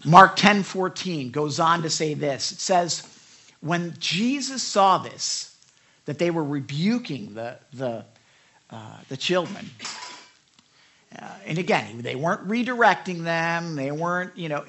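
A male pastor delivers a sermon in a bright, somewhat high voice. He talks conversationally, with restarts and asides to the congregation. When he quotes people, he lifts his voice and acts the lines out. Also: a little slow. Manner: animated storytelling, acts out quotes with raised pitch.

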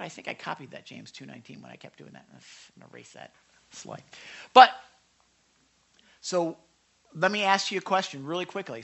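Bright-voiced animated preaching man. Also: a little high, gravelly. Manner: lively, emphatic, checks in with listeners. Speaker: pastor teaching a youth group. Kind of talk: animated sermon. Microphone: microphone.

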